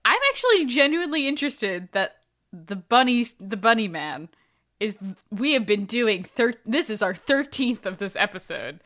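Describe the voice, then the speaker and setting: A woman's voice: a little high, very animated, normal speed, fairly bright tone. A woman co-hosting a podcast, chatting casually, teasing the others and laughing easily. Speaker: podcast co-host.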